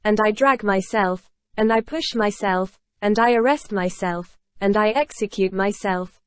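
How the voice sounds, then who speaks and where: Tormented aging ex-convict confessing, read by a woman in a higher dry voice, solemn and grieving, audiobook. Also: no room sound.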